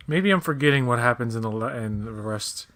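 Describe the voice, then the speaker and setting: A man's voice: medium pitch, brisk. A man, co-hosting a casual episode commentary in a rambling, jokey way. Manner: rambling, jokey, breaks into shouted movie impressions. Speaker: podcast co-host.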